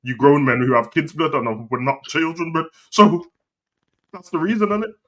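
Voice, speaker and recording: A man chatting on a podcast in slangy, animated bursts with lots of repeats. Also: on the high side, normal speed. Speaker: co-host. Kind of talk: casual podcast chat.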